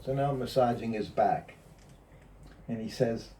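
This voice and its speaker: A man's voice: medium pitch, normal speed, long pauses. A man casually telling anecdotes to a small group, laughing often and acting out what others said. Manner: laughs often, quotes others in lively asides. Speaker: former personal servant recalling memories. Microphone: phone or camera from a distance. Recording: distant phone recording.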